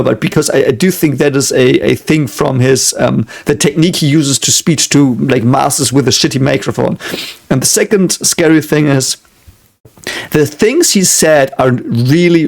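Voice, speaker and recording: German guy doing reaction commentary, bit of fry in his voice, earnest, keeps restarting his sentences. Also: mid-range voice, normal speed. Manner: earnest, musing, circles back on his words. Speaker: reaction video host.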